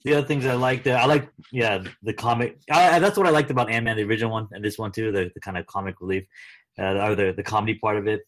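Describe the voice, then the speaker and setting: A man co-hosting a casual chat, talking in a relaxed, rambling way with many fillers. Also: on the low side, fast. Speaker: podcast co-host.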